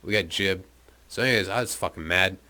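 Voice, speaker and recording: A North American man with a low voice, a fairly quick pace, and a sharp tone spins a rambling, profane story from his travels. He tells it in a laid-back, casual way, sprinkling in lots of fillers.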